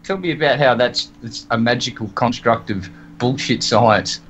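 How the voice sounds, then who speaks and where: Man, profane, taunting, mid-pitched, muffled call audio. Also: moderate pace, a bit bright. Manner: profane, mocking, laughing. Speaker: call participant. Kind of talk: casual group call banter. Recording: dull lo-fi online call audio.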